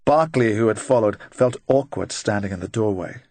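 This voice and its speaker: A man narrating a crime novel in a measured, even reading. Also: lowish voice, dry recording. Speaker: audiobook narrator. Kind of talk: scripted narration.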